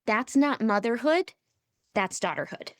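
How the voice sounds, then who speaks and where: A woman's voice: fairly high pitch, animated, unhurried, no echo. A woman coach on a podcast, speaking emphatically and often checking in with "right?". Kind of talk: podcast conversation.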